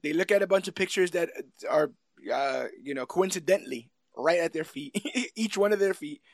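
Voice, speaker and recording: A man co-hosting a casual podcast, retelling a film with animated energy and frequent laughter. His voice sits a little high, and the sound is dry and close. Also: moderate pace, dry recording. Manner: animated, laughing, acts out scenes. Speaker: podcast co-host. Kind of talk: casual movie review chat.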